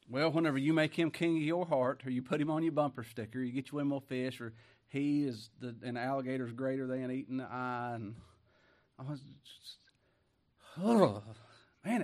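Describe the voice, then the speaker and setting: A man preaching a sermon who reads scripture loudly and slowly, then drops to quiet asides and rhetorical questions in a folksy way. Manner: swings from loud, slow scripture reading to quiet, low asides.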